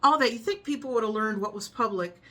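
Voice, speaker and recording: A middle-aged woman from the United States chatting casually to her viewers, telling a story with frequent laughs and a calm, frank manner. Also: fairly high pitch, fast talker. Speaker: vlogger.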